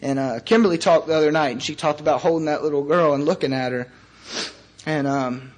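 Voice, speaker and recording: A man in his thirties sharing his recovery story before a group, earnest and halting, with long pauses and wry, self-mocking humor. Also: on the high side. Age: 30s. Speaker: recovery meeting speaker. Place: meeting room before a live audience.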